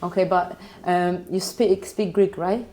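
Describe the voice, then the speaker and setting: A woman's voice: fairly low pitch, steady tone, a little slow, darkish tone. A woman interviewing a musician, asking casual questions and giving short encouraging replies.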